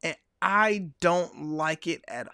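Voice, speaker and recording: A man's voice: a little high, expressive, slow pace, creaky, pushed and bright, clean tone, no room sound. Man host telling a rambling story. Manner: rambling, storytelling with run-on asides. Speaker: sports podcast host. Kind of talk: casual chat.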